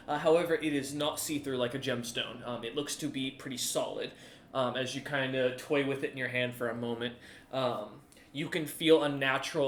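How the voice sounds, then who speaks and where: A man's voice: mid-range voice, fairly bright tone, reverberant. A man narrating as game master of a tabletop game, rambling with many fillers.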